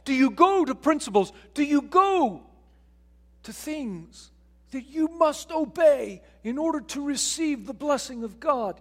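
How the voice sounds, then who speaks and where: A man preaching a sermon as pastor, swinging from hushed, slow lines to loud, pressing questions. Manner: acts out quoted voices, putting on an excited high voice.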